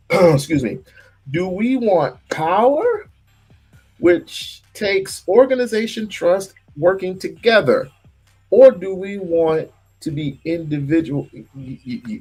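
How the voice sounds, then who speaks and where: A man's voice: fairly high pitch, breathy edge. A man hosting a casual livestream, talking in bursts with stammered restarts and repeated words. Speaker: livestream host.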